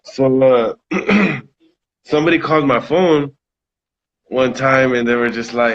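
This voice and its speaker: A man's voice: medium pitch, slow pace, long pauses, a little hiss or hum. Socal guy telling stories in an interview, cusses a lot, chill, kinda muffled lo-fi sound. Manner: laid-back, swears freely, laughs often. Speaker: rapper being interviewed. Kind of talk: casual storytelling interview.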